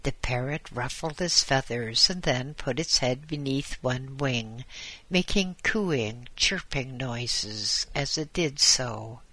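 A reader narrates a novel at a slow, deliberate pace, with a bright tone. The recording is dry and close to the mic. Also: mid-range voice, dry recording, rough recording. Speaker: audiobook reader. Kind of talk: audiobook narration.

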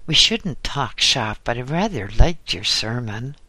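A man reading as a genteel country rector. He speaks in a measured, gently evasive way, and his voice is bright and crisp in a dry room. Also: mid-range voice, sing-song, no room sound, exaggerated voice. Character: genial country rector, middle-aged man.

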